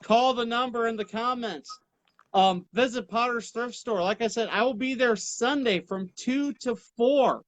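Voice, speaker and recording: A man's voice: very high voice, unhurried, fairly bright tone, dry recording. A man joining a livestream by phone, chatting casually in an easygoing way with plenty of fillers. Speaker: guest on a livestream. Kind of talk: casual chat. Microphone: phone call.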